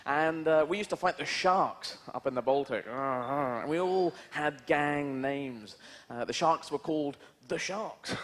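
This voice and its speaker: A man doing a surreal stand-up routine, rambling through absurd asides with lots of "you know". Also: fairly high pitch. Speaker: stand-up comedian. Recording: noisy old TV broadcast, live audience.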